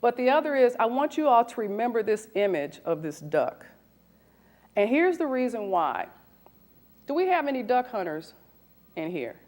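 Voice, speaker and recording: Animated woman recruiter in her forties. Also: on the high side, moderate pace, long pauses. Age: 40s. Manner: animated, asks the audience questions. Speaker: recruiter giving a talk. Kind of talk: lively presentation to an audience.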